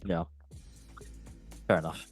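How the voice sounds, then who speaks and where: A man's voice: slow pace, no room sound, soft background music. A man hosting a casual football podcast, reading news in a chatty, jokey way and tripping over words now and then. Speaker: host.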